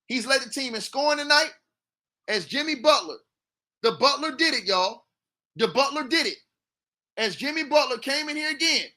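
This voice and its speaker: A high-voiced man commentates sports on a livestream, loud and hyped, trash-talking and repeating himself over and over.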